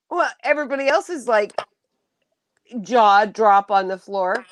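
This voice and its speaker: A little high and fairly quick, this middle-aged woman's voice comes through dry as she hosts a relaxed livestream chat. She talks to viewers warmly and emotionally, laughing often and beginning sentences again.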